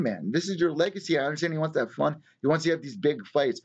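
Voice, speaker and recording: Profane, fired-up streaming host. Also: male voice, fairly high pitch, lively intonation, fast, hardly any pauses, breathy edge. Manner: profane, heated ranting. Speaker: MMA news show host. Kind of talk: live-streamed casual commentary. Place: small studio apartment.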